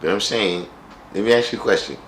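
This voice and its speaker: A man's voice: fairly low pitch, fairly quick, a bit bright, echoey room, slight background noise, low-quality recording. A man hosting a live stream, chatting casually with viewers in a wry, joking way and often repeating himself.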